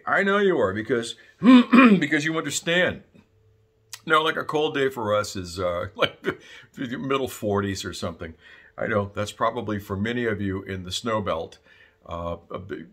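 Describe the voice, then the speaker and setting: A man teaching saxophone in a casual, chatty video lesson, a bit congested and clearing his throat often. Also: lowish voice, fairly bright tone.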